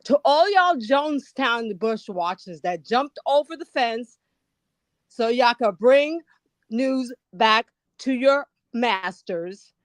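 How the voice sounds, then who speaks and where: A woman's voice: on the high side, expressive, takes it slowly, no echo. An older retired woman, a guest on a livestream, ranting angrily and profanely. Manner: angry, profane, insulting. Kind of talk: heated livestream rant.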